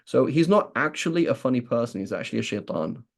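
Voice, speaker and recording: A man's voice: medium pitch, animated, fast talker, gravelly. A man with a British accent giving a conversational religious lesson, often asking "right?" and acting out what people might say. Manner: keeps asking "right?", acts out imagined speakers. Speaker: religious teacher.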